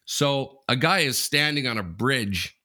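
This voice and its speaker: A man co-hosting a casual sports podcast, telling stories in a rambling, halting way with lots of restarts. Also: medium pitch, lively intonation, sharp tone. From Canada. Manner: rambling storyteller, halting restarts, laughs a lot. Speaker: podcast co-host.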